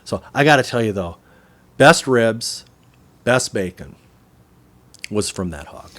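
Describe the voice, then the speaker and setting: A man, co-hosting a podcast and telling a story in a casual, animated way, acting out the voices of the people in it. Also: lowish voice, takes it slowly. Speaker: podcast co-host.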